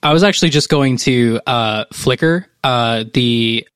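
A man with a mid-range voice, recorded dry and close, playing a tabletop game. He chats and jokes, working out his plans out loud. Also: medium pitch, a little slow, smooth, no room sound. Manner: chatty, joking, thinks aloud. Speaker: player. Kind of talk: casual tabletop game play.

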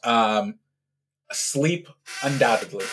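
Relaxed, chatty male podcast guest. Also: medium pitch, slow, slight background noise. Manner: relaxed, chatty, frequent fillers and "right?". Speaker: guest, amateur cyclist. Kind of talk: casual interview talk.

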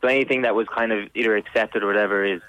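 A man's voice: fairly low pitch, fairly even intonation, racing, fairly bright tone, poor audio. A man guesting on a radio show as an actor, easygoing and laughing often. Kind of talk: radio interview chat.

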